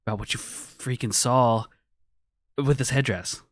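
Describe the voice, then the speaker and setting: Man doing frantic male companion, hushed and pleading, mid pitch, dry. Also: a little slow, no room sound, natural voice.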